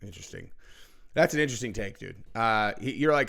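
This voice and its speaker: A man's voice: lowish voice, a little fast, creaky, a bit bright. Man, commentary host, heated, profane, mocking.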